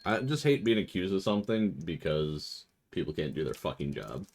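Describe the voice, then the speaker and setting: A man's voice: deep voice, moderate pace. A young man on a game stream, telling a long, swearing-laced story and mimicking the people in it. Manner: swears freely, animated storytelling with voiced quotes. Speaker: let's play streamer. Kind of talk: casual chat.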